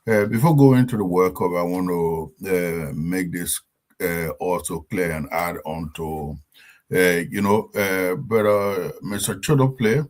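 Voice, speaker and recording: A man with a Liberian English accent and a deep voice, a talk show guest who hesitates with many fillers. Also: unhurried. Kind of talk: casual talk show chat.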